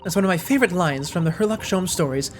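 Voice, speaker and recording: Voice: mid-range voice, fast, soft background music, lightly acted. A streamer reading a courteous, earnest young woman assistant in a detective game.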